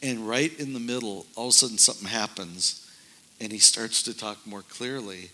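A man's voice: lowish voice, moderate pace, sharp tone. A man speaking earnestly in casual discussion about faith and miracles, telling a story with many fillers and restarts.

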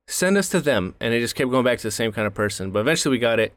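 A man in his thirties hosting a casual podcast, telling an animated, swear-filled rant. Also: mid-range voice, very fast, dry recording. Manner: animated ranting storyteller, swears a lot. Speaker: podcast host.

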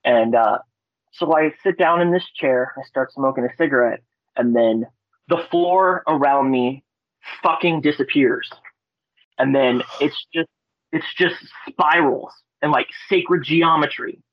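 A man from Alaska, a guest on a podcast, telling a story in a rambling, excitable way, swearing and restarting his words. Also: mid-range voice, a little slow, no room sound. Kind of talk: casual storytelling. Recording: dry, dull lo-fi audio.

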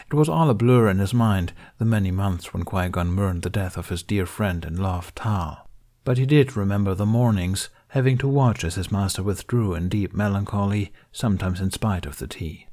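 Man reading fiction, lowish voice, steady measured narration. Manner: measured, even storytelling. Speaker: reader. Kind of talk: scripted fan fiction narration.

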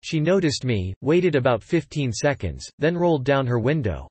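A man narrating a written story in an even, matter-of-fact way. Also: medium pitch, moderate pace, few pauses, breathy edge, no echo.

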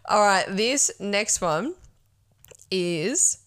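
A young woman hosting a casual chat, chatty and giggly with quick reactions. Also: medium pitch, animated, a bit bright. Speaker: podcast host.

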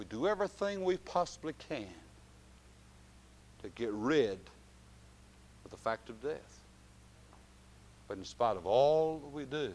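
A man preaching a sermon, dropping to quiet, drawn-out phrases and then rising to loud shouted climaxes. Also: mid-range voice, animated.

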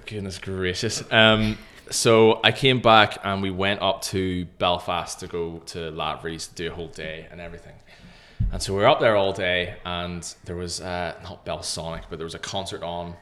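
Animated young man, low voice. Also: normal speed. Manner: animated storyteller, often acting out other people's lines. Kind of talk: casual podcast chat.

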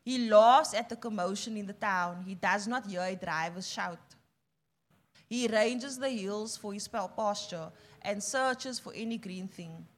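A woman reading scripture aloud in a steady, measured way during a sermon. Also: mid-range voice. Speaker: scripture reader.

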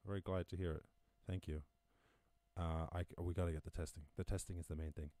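Deep-voiced Irish man, chatty and laughing. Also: little pitch movement, fast talker, dark tone, no echo. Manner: chatty, swears freely, laughs at his own jokes. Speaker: podcast host. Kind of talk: casual live-stream news commentary. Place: home during lockdown.

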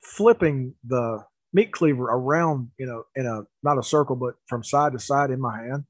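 A man's voice: medium pitch, normal speed, no room sound, low-quality recording. Chatty man telling a story, dry sound. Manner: animated anecdote with laughs and restarts. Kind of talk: casual storytelling.

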